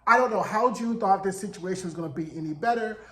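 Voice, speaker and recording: Sassy high-voiced man recapping a show. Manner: sassy, animated, acts out characters' lines in quick voices. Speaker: TV recap vlogger. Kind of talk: casual TV episode recap. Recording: roomy echo.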